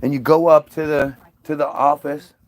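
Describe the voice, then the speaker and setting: A man's voice: fairly high pitch, flat delivery, moderate pace. A man hosting a casual monologue, ranting scornfully and profanely, often repeating his words.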